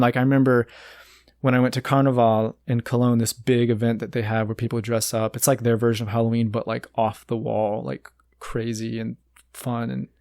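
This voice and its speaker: A young American man in his twenties, chatting casually and telling rambling, animated stories full of fillers. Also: mid-range voice, no echo, clean studio sound. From United States. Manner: rambling, animated storyteller with many restarts and "like" fillers. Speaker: guest. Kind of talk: casual storytelling chat.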